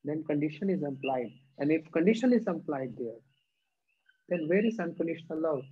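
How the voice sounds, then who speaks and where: A man giving a devotional sermon in measured, halting phrases, now and then chanting scripture verses in a sing-song. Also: on the high side, expressive, husky. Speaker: spiritual teacher giving a discourse. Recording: dull lo-fi recording.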